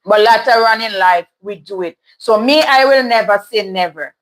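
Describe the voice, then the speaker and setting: A woman's voice: mid-range voice, moderate pace, poor audio. A woman hosting a casual livestream, reading viewers' comments and answering them candidly. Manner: candid, chatty, laughs often. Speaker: livestream host reading chat. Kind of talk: casual live chat. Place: home in Toronto.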